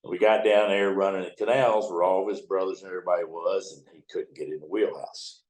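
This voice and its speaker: A man's voice: deep voice, fairly even intonation, a little fast, a little mellow, roomy sound, low-quality recording. A man in his seventies, a towboat captain, telling folksy, profane stories in an interview. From United States. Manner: folksy, profane yarn-spinning. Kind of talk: storytelling interview.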